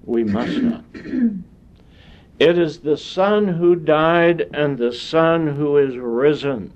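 A man delivering a sermon at a very slow, measured pace, leaving long pauses between phrases. His voice sits a little higher than most men's. The recording sounds dull and lo-fi. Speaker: preacher.

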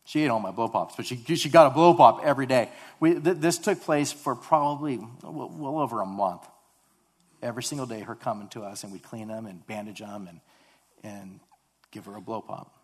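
Guy preaching a testimony, earnest, keeps stumbling and repeating himself. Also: mid-range voice. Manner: halting, repeats words, earnest. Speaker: speaker telling of mission work. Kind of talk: sermon testimony.

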